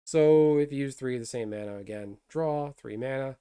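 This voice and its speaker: Speaking at a moderate pace in a warm, clear, resonant mid-range voice, a man hosts a card game video. His casual trading card review is enthusiastic and rambling, full of fillers and restarts.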